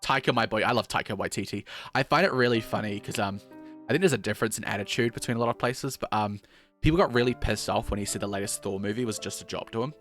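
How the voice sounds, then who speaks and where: A man's voice: lowish voice, quick pace, a bit bright, faint music behind. A man from New Zealand with a New Zealand accent, rambling in casual chat while streaming a game. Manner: rambling and chatty, full of fillers and restarts.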